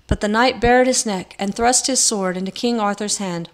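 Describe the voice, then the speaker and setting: Woman narrator for a storybook reading, measured and expressive, mid-range pitch.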